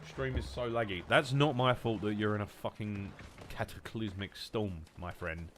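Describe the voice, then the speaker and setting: A young man with British English and a blocked, nasal voice rambles and swears in casual talk with his live-stream chat as he plays. Speaking into a headset, he has a lowish voice at a moderate pace, with slight background noise.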